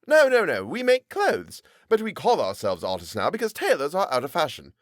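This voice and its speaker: A man's voice: fairly high pitch, huge pitch swings, fairly quick, no room sound, studio quality, voice pushed up. A man voicing a boastful, chatty male tailor in an audiobook, blustering and gossipy. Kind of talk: audiobook character voice.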